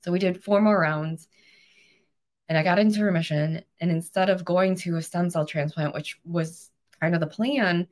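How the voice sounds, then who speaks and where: A woman in her thirties with a lowish voice talks at normal speed. Appearing as a podcast guest, she recounts something personal in an animated, heartfelt, emotional manner.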